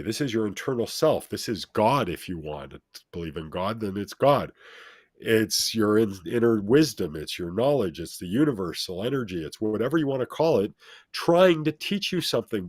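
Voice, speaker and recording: A man with a fairly low voice, recorded dry and close with no room sound. He speaks as a guest in an earnest, motivational way. He leans on repetition to drive his points home. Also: dry recording. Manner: emphatic, repeats phrases for effect.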